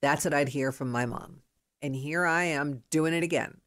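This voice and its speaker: A woman in her fifties hosting a podcast, talking in an excitable, rambling, emphatic way as she gives motivational advice. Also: deep voice, normal speed. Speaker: podcast host.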